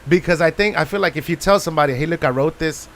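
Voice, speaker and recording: A man's voice: on the high side, fast talker, fairly bright tone. A man with a Tejano accent, a singer-songwriter guest telling casual anecdotes and mixing Spanish into his English. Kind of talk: casual storytelling.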